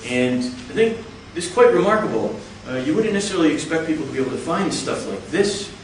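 A man explains a topic to an audience in a measured, step-by-step lecture. His voice rings through a large hall with heavy echo. He sounds a little distant from the microphone, with faint background noise. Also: fairly high pitch, animated. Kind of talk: explanatory talk. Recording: echoey hall, from far off.

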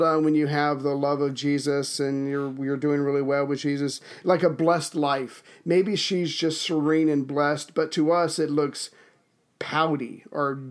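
A man co-hosting a casual art-history chat, bantering playfully with quick quips. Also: a little high. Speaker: podcast co-host.

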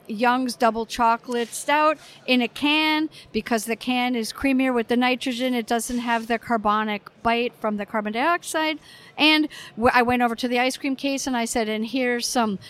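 A middle-aged woman from the United States tells stories with energy and animation. She slips into the voices of the people in her anecdotes. Her voice sits a little high. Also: normal speed. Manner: lively anecdotes, acts out quoted customers. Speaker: guest, brewer. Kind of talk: conversational storytelling.

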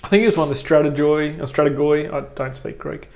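A man's voice: a little high, lively intonation, rapid-fire, creaky, darkish tone. A man co-hosting a comedy podcast, chiming in with dry, teasing quips and casual explanations. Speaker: podcast co-host.

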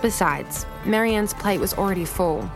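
A woman storyteller giving scripted narration for children in a lively, expressive way. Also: mid-range voice, moderate pace, poor audio. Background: soft music.

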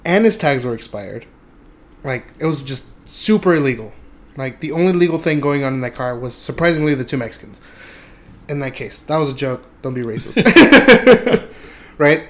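A man's voice: mid-range voice, animated, normal speed, fairly bright tone. A young man telling a casual, rambling story, laughing often and swearing freely. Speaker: podcast host.

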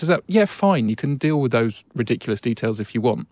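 A man's voice: medium pitch, animated, brisk, a little mellow, no echo. Easygoing male critic, dry booth sound. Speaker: film critic on a podcast. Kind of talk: casual film discussion. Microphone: studio mic in a podcast booth.

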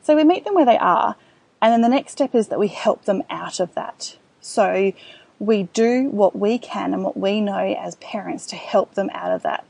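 Casting: woman, podcast host, mid pitch, gravelly and husky tone, dry close sound, earnest explainer. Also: normal speed, darkish tone, dry recording. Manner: earnest, acts out soothing parent lines.

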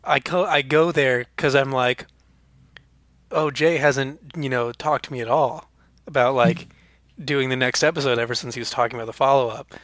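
Young guy cohosting a podcast, bright forceful voice, dry close sound, rambly and jokey. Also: mid-range voice, steady tone, moderate pace, dry recording. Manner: rambling, jokey, spins silly bits. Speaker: podcast co-host. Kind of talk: casual comedic chat.

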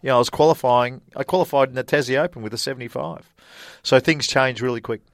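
A man's voice: mid-range voice, quick pace, dry recording, clean studio sound. A middle-aged Australian man, a former college golfer, telling stories in a casual interview, chatty and laughing often. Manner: chatty, laughs often, animated retelling with voiced quotes.

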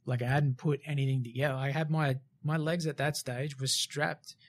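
A man's voice: mid-range voice, level tone, moderate pace. A man in his late twenties or thirties, a former commando, telling his story frankly with lots of fillers and the odd swear word. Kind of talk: casual storytelling interview.

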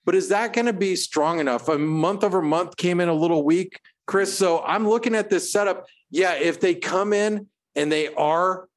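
Brief: slightly higher-voiced male co-host, loose market chat, playful puns. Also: moderate pace, few pauses. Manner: animated, punny, jokey asides. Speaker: co-host of trading show. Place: home.

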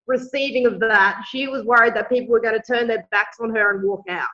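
An eager woman chimes in with enthusiasm, her voice bright and a touch high. Her sound comes through a muffled, lo-fi line. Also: steady tone, brisk. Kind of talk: casual podcast chat. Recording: dull lo-fi recording.

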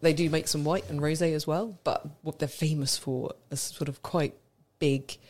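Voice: mid-range voice, steady tone, moderate pace, a little mellow. A radio co-host explaining wine in an easy, knowledgeable way, laughing now and then. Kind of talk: casual radio chat. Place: radio studio.

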